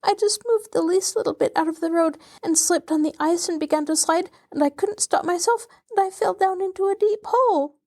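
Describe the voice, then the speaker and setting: A woman's voice: extremely high pitch, fairly even intonation, normal speed, pitched above the performer's own voice. A woman voicing a frightened little girl trapped in a pit, sobbing and pleading. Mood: sobbing, terrified.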